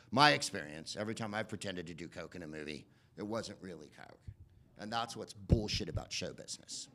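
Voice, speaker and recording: A man performs a loose stand-up set, swearing freely and bouncing between tangents and voice impressions. His tone is very bright and sharp. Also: on the low side, slight background noise. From United States. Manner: rambling, profane, animated impressions. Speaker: comedian and podcast host. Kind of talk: stand-up comedy.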